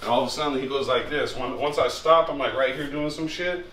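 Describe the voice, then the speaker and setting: Animated man telling stories. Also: medium pitch, fast talker. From San Jose, California. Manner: profane, animated, acts out what others said. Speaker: dancer guest. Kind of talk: casual storytelling. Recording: echoey room, distant mic, faint noise.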